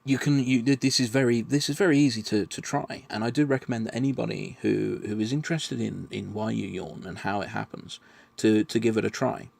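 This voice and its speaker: Man with a gravelly, low voice. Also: steady tone, darkish tone. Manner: measured, patient explaining with frequent restarts. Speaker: vlogger answering questions. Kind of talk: explanatory monologue.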